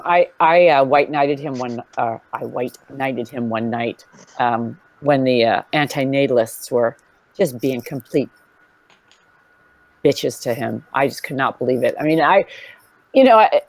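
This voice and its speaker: A woman's voice: a bass voice, unhurried. A woman telling bawdy, joking stories in a casual group video chat, acting out quoted voices as she goes. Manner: bawdy, joking storyteller with lively put-on quotes. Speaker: hangout participant.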